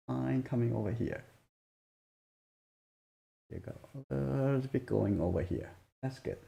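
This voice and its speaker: Man, drawing instructor, gravelly low voice, mellow tone, lively pitch, soft-spoken, halting. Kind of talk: live drawing demonstration.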